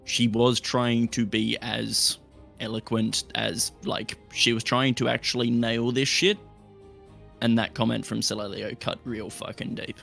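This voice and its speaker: A man playing a tabletop game with friends, talking in halting bursts and swearing casually. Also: medium pitch, flat delivery, gravelly, a bit bright, faint music behind. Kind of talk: casual in-character play.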